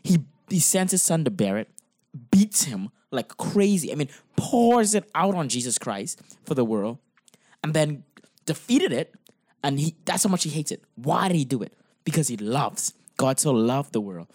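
A man's voice: on the high side, big pitch swings, moderate pace, a little mellow, no room sound, studio quality. A man who preaches, talking through his faith in a casual discussion, earnest and impassioned, pressing his points with emphasis.

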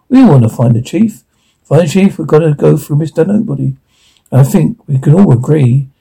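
A man delivers dramatic dialogue with a rough, gravelly grain. His voice is husky and on the higher side for a man. He talks in a blunt, profane and agitated way. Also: dark tone, rough recording.

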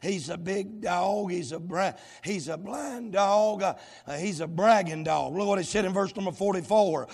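A man preaches at full cry, his high voice ringing off the walls of a large sanctuary with a long, trailing echo. He chants in drawn-out shouted bursts, gasping "uh" between each phrase. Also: vocal fry, slightly rough. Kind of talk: shouted revival sermon. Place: church sanctuary.

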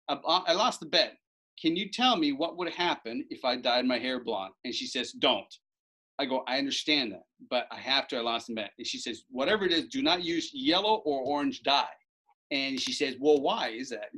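A man casually telling a long anecdote, acting out the quoted lines with a lifted, animated voice. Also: mid-range voice. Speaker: storyteller recounting a bet. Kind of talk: casual anecdote told to an audience.

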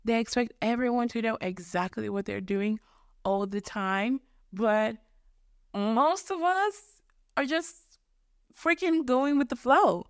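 A woman's voice: a little high, slow, clean tone, no echo, studio quality. Rambling young woman podcaster from Mozambique. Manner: rambling, self-deprecating, swears casually. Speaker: podcast host. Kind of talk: casual solo podcast rant. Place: her bedroom.

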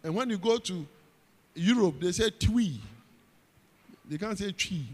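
A man's voice: high-pitched, a little slow. A man preaching a sermon with a Ghanaian accent, emphatic, repeating phrases and calling out to the congregation. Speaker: pastor. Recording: long hall reverb.

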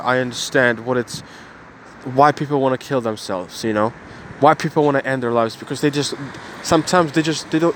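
A man's voice: on the high side, fairly bright tone, a little hiss or hum. Earnest young man venting to camera. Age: 20s. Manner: repetitive, earnest, restarts phrases. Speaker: vlogger. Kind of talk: emotional personal monologue.

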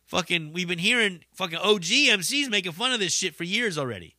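A man's voice: fairly high pitch, fast talker, hardly any pauses, no room sound, clean studio sound. A man hosting a casual solo podcast, ranting and rambling with lots of swearing and fillers. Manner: profane, animated ranting with frequent swearing. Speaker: podcast host.

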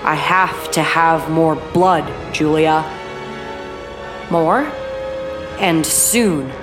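A woman reading a half-formed, wretched man who speaks in a slow, halting near-whisper. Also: low voice, music in the background. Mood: broken, urgent. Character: half-formed ghoulish man, tired and desperate.

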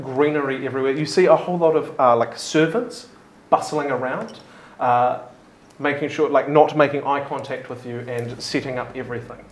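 A man narrating a tabletop game as game master, halting with many fillers. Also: medium pitch, reverberant.

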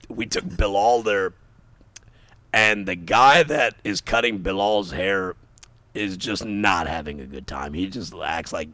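A man's voice: deep voice, bright, forceful tone, no room sound. A young man telling a funny story to friends in casual chat, acting out the people he quotes and laughing along.

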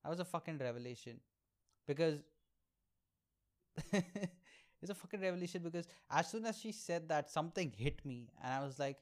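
A man's voice: on the high side, animated, normal speed, pauses often. A man, telling candid, profane, self-mocking stories on his solo podcast. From India. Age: 20s. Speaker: podcast host and aspiring comedian.

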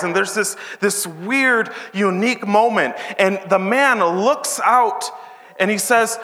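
A man's voice: high voice, slow, sharp tone. A man teaching a Bible passage in a casual, chatty way, retelling the story in modern slang and acting out the characters' lines. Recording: long hall reverb.

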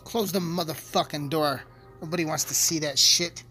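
A man's voice: a little high, moderate pace. A man rambling through a profane, joking casual monologue as a podcast host. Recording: music playing behind.

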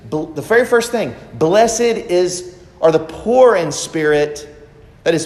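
A man's voice: high-pitched, lively intonation, slow, a little mellow. Emphatic male preacher in an echoey hall. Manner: emphatic, repeats phrases for stress. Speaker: pastor. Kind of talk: sermon. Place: church sanctuary.

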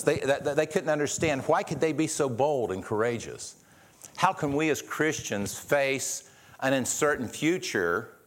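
A man delivering a sermon at an ordinary middle pitch. He preaches earnestly, often restarting phrases and repeating words as he builds his point. He poses rhetorical questions to his listeners. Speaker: pastor.

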